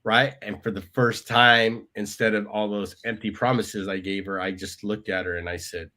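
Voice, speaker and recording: A man with a lowish, steady voice talks at a normal speed with hardly any pauses, sounding pushed and bright. He's a podcast guest recounting his life story conversationally in a storytelling interview, often ending lines with "right?" and quoting other people.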